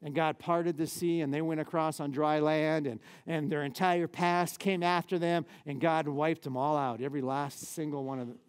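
A man, a pastor, preaching a lively sermon in a church with casual, conversational asides. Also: a little high, moderate pace, hardly any pauses, clean tone.

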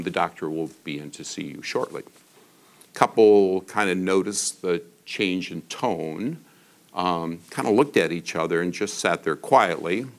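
A man in his sixties giving a public lecture in a college hall, telling stories in a conversational way with fillers. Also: low voice. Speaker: guest speaker.

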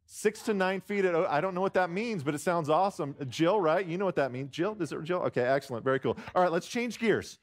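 A man's voice: high voice, lively intonation, fast, hardly any pauses. A man speaking as a guest pastor in a church, joking with the congregation and drawing answers from them, often restarting his sentences. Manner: jokey, warm-hearted, self-deprecating, lots of restarts. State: choked up near tears. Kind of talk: sermon with congregation call-and-response. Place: church sanctuary.

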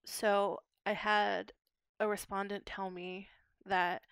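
A woman's voice: mid-range voice, little pitch movement, slow, fairly bright tone, clean tone, no echo, studio quality. A young woman from Pittsburgh, a linguistics PhD student explaining her research in a podcast interview, articulate and academic. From Pittsburgh, USA. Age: young adult.

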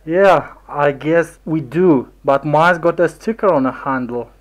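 A man's voice: a little high, a little slow, close to an everyday voice. A man voicing an easygoing young man at an airport in a textbook audio dialogue. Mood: friendly. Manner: casual, easygoing.

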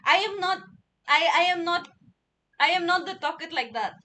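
High-voiced giggly woman streamer. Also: animated, normal speed, sharp tone. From India. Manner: playful, giggly, repeats words. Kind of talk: casual livestream chat.

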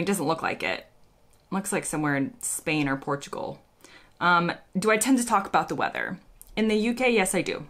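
Lively American woman vlogger. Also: medium pitch. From United States. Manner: chatty, playful, thinking aloud. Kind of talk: casual chat reading quiz questions aloud.

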